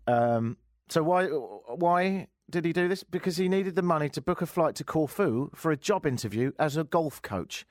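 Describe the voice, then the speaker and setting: A man from England hosts a comedic radio show, sarcastic and quick to laugh at his own jokes. His pitch swings widely as he talks. The sound is close and dry, with no room around it. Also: animated, a little mellow, no room sound. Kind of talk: comedic talk radio banter. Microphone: studio microphone.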